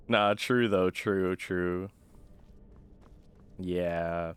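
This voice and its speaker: A man's voice: low voice, extremely slow, clean tone. A man casually commenting on his gameplay as a streamer, laughing often and making goofy exclamations.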